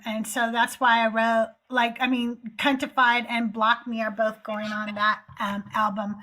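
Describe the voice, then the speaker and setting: A woman's voice: fairly high pitch, pushed and bright. A woman hosting a live call-in show, chatting casually and getting emphatic, swearing when worked up. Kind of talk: casual chat.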